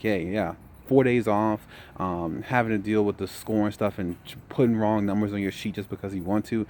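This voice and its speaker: Young male vlogger, tired, low voice, relaxed storytelling, faint noise floor. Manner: relaxed storytelling, says "man" a lot. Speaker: trucking vlogger. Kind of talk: casual vlog update.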